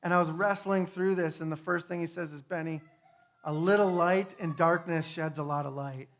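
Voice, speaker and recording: A man giving a conversational testimony sermon, earnest, swinging between hushed and fervent, with frequent tag questions. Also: a little high, fairly even intonation, moderate pace. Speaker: speaker.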